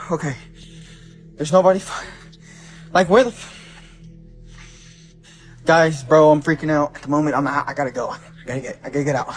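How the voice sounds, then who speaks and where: A frightened young man, a night shift store clerk, filming himself on his phone inside a small shop, swearing and calling everyone bro. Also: a little high. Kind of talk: self-filmed phone video. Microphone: handheld phone.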